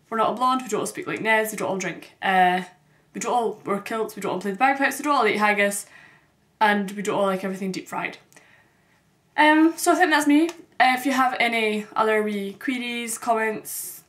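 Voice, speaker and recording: A woman's voice: on the high side, a bit bright. Woman, mild Scottish accent, casual chatty vlogger at home, upbeat, lots of ums. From Scotland, Glasgow. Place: her bedroom at home.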